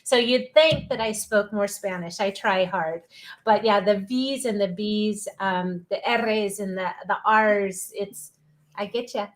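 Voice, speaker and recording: A woman's voice: medium pitch, a little slow. A woman hosting a live-streamed interview show, chatty and upbeat, cheering her listeners on. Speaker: podcast host.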